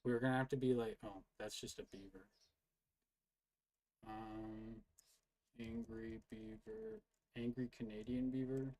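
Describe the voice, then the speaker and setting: A man's voice: medium pitch, a little slow, pauses often, a little mellow. A man giving casual live-stream commentary as he reacts to live videos, mocking and swearing a lot and arguing back. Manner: profane, mocking and argumentative.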